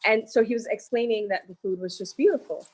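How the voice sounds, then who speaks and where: A woman's voice: a little high, fast, breathy edge, rough recording. A woman co-hosting a cooking show, talking casually and with enthusiasm about food. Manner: enthusiastic, expressive. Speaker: co-host.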